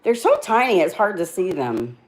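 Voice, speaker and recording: A woman's voice: lowish voice, big pitch swings, moderate pace. A middle-aged woman, chatting casually with viewers on a livestream and laughing often at herself. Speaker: livestream host.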